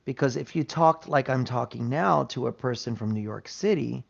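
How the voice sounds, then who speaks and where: An American man teaching an English lesson, explaining points patiently and checking in with "right?". His voice has a gravelly edge. The sound is dull and lo-fi. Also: medium pitch, normal speed, hardly any pauses. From United States.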